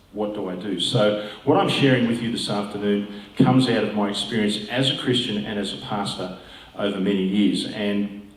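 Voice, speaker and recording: An older pastor talks to an audience in a low, unhurried voice, full of asides and fillers. The sound is roomy and caught from a distance, as in a hall. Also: male voice. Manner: conversational, musing, with asides and fillers. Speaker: pastor and guest speaker. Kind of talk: informal talk to an audience.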